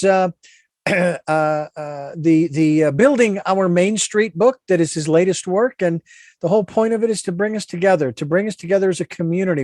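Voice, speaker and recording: High-pitched guy hosting a radio talk show, earnest and rambly, preachy. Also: no room sound, clean studio sound. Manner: earnest, meandering, moralizing.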